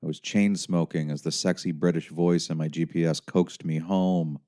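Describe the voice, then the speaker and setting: Young guy reading his own audiobook, wry sardonic, really deep mellow voice. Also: fairly even intonation, normal speed. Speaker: author and narrator. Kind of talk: first-person audiobook narration.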